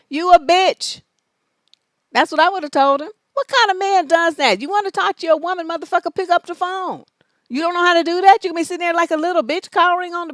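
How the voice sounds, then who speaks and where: A middle-aged woman answers relationship questions in a blunt, scolding way, swearing freely as she drives her points home. Her voice sits high, and the sound is dry and close with no room echo. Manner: profane, scolding and emphatic. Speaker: relationship advice host. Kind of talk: blunt live advice show.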